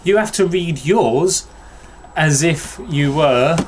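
A man's voice: a little high, takes it slowly, a little hiss or hum. A man, co-hosting in casual, teasing banter. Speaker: podcast co-host. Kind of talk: casual chat.

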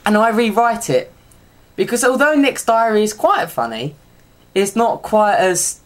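A woman's voice: medium pitch, lively intonation, measured pace. Young woman, podcast co-host, chatty and bossy, keeps the others on track. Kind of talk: casual chat.

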